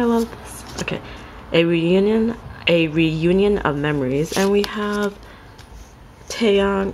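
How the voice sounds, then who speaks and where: A woman with a low-pitched voice chats casually through an unboxing, gushing over each item. Her bursts of excitement alternate with soft, near-whispered asides. A faint background noise sits under the recording. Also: rough recording. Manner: gushing, excitable, repeated exclamations; drops to soft near-whispers while handling items. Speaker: vlogger unboxing a trade package.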